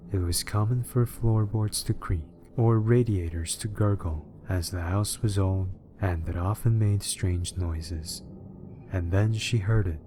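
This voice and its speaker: A man reading a horror story aloud as scripted narration, in a measured, even manner. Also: low-pitched, background noise.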